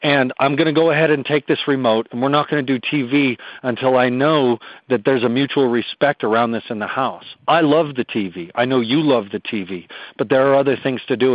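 A man's voice: mid-range voice, brisk, no echo. Earnest man giving parenting advice. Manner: earnest, emphatic, lecturing. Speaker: parenting expert guest. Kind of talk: radio talk show discussion. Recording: dull dry radio audio.

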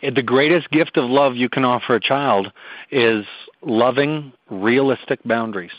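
A man's voice: medium pitch, a little slow, dry recording. Earnest man giving parenting advice. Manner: earnest, emphatic, lecturing. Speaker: parenting expert guest. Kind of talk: radio talk show discussion. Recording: dull dry radio audio.

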